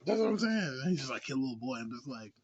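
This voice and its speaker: A man's voice: medium pitch, sing-song, very fast, husky. A man giving a casual movie review, laid-back and slangy, rambling with lots of fillers and laughs. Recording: dull lo-fi recording.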